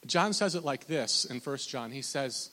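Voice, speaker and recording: A man, likely in his thirties, preaching a conversational sermon with lots of restarts and fillers, loud on his points and slow on scripture. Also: mid-range voice, long reverb tail. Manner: animated, pushes loud on emphasis, drawn-out slow scripture quotes. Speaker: pastor.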